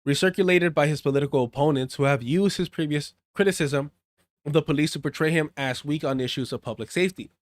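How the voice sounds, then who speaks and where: A man's voice: fairly high pitch, no room sound. Heated, profane man ranting on stream. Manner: profane, heated rants between read-out articles; drops Spanish phrases. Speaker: political commentary streamer. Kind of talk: live stream commentary reading news.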